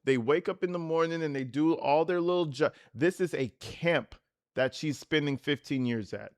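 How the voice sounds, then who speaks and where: A man's voice: on the high side, moderate pace. A man hosting a livestream, commenting in a blunt, sarcastic way with lots of swearing.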